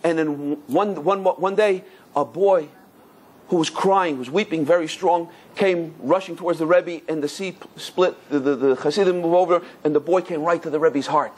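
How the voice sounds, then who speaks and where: A middle-aged rabbi lecturing on Torah, telling stories with lively emphasis and repeated phrases. His voice sits high for a man and has a husky grain. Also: normal speed. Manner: animated, repetitive storytelling.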